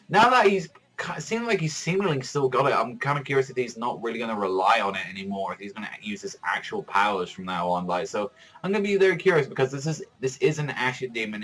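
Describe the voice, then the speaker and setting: A young man giving a casual manga chapter review, excitable and rambling, swearing freely. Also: mid-range voice, rough recording. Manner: profane, excitable, rambling with many fillers.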